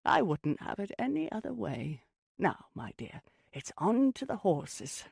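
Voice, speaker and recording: An older lady of a lonely gothic mansion, mischievous and endlessly amused, coos her words with a lively, swooping lilt, as an audiobook reader puts her on. Her voice has a gravelly, husky grain, and she calls everyone darling. The sound is close and dry. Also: medium pitch, a little slow, dry recording, voice pushed up, heavily acted. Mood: teasing.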